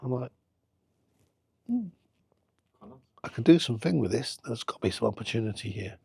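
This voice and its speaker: In a rapid-fire, gravelly mid-range voice with a breathy edge and no echo, a middle-aged man recounts stories from running a football club. The interview is casual, and he brings his anecdotes to life by acting out the exchanges.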